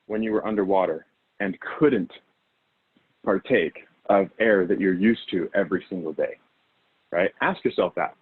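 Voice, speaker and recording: A man gives a motivational talk over a thin, phone-like line, his voice slightly husky. He leads a guided visualization in a loose, rambling way, acting out quoted thoughts and tossing in "okay?" and "right?" after nearly every point. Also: on the low side. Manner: acts out quoted inner thoughts. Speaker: motivational speaker.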